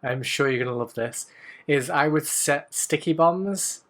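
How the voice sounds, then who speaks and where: A woman co-hosting a gaming podcast in an unusually deep voice. She tells gleeful stories and swears casually. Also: unhurried. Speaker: podcast co-host. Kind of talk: casual chat.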